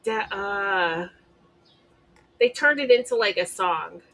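A woman's voice: mid-range voice, expressive, slow pace, fairly bright tone. A woman in a casual chat among friends, easygoing, correcting facts, with lots of fillers. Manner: easygoing, fact-checking, chatty with fillers.

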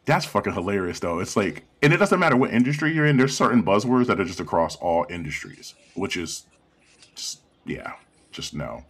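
A man's voice: on the low side, big pitch swings, moderate pace, fairly bright tone, slightly rough. A man in casual chat, ranting and telling stories with plenty of swearing. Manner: profane, ranting storyteller.

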